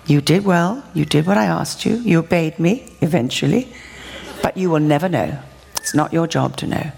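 A woman voicing God as a calm, gentle male figure speaking slowly and reassuringly. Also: sits low, gravelly.

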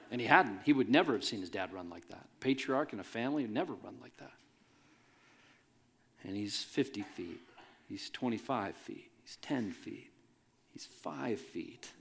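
A man's voice: medium pitch, creaky, breathy edge. A man preaching a sermon to a congregation in a conversational, joking way. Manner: animated, conversational, jokes with the congregation. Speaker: pastor. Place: church in front of a congregation.

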